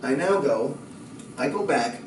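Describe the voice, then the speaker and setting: Man, storyteller, lively swooping delivery, distant mic, echoey room. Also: medium pitch, measured pace, slight background noise. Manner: lively, building to excited shouting and laughter. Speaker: speaker. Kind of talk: animated storytelling.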